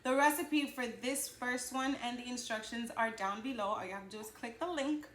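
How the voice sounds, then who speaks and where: A woman with a fairly high voice hosts a casual baking vlog from her home kitchen. She chats in an upbeat way as she guides viewers through each step. The room is echoey, with a faint hum of noise behind her. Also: fairly quick, a bit bright. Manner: chatty and upbeat, walks viewers through steps. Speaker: baking show host.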